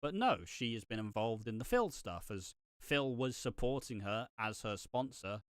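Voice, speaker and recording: A man's voice: mid-range voice, big pitch swings, moderate pace, clear, resonant tone, no room sound, studio quality. A young man co-hosting a casual chat, giving opinions animatedly with laughs in between. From United Kingdom. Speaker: soap opera reaction co-host.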